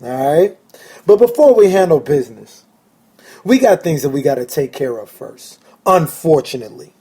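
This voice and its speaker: A man hosting a solo sports fan podcast, his voice pitched a little high yet mellow and soft-edged. He talks with keen excitement and heavy emphasis, often repeating a phrase to drive it home. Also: normal speed, breathy edge. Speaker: podcast host.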